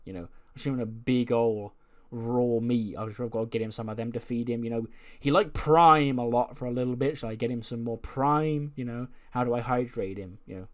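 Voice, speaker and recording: A man playing an excitable, mouthy young wrestler who rambles indignantly and jokes in a game storyline. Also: mid-range voice, fairly quick, hardly any pauses, close to an everyday voice.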